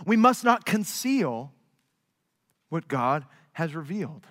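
A man with a notably high-pitched voice delivers a sermon to his congregation, leaning on repeated, emphatic phrases. He drifts between hushed, low-voiced asides and raised, pressing stresses. His words trail off into a long, rolling hall reverb. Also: animated, takes it slowly. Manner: emphatic, repetitive rhetorical phrasing. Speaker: pastor. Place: large church sanctuary.

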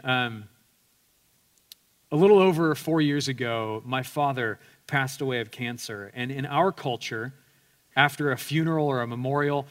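A male pastor preaching an earnest sermon, telling personal stories with self-deprecating humor and frequent restarts. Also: fairly high pitch.

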